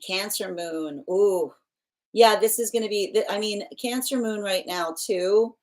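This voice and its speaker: A woman's voice: medium pitch, measured pace, darkish tone. A young adult woman hosting a tarot livestream, chatting casually with viewers and laughing often, with many restarts. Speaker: tarot reader and livestream host.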